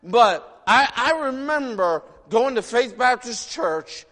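A man in his sixties, originally from the northern United States, preaching a sermon in an animated, folksy way, full of rhetorical questions. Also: very high-pitched, slow. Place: church sanctuary. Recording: long reverb of a large hall.

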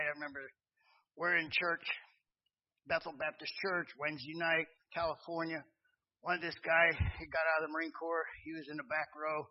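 High-voiced preacher, lo-fi sound. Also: male voice. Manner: storytelling, swings from hushed to loud. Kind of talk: sermon with personal testimony. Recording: dull lo-fi sound.

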